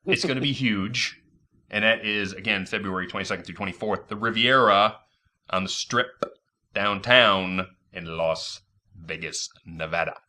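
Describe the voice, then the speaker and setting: Michigan guy hosting, bright punchy voice, rattles off announcements all excited. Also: lowish voice. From Michigan, USA. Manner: excited, rapid-fire announcing. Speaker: podcast host. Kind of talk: casual chat and event announcements.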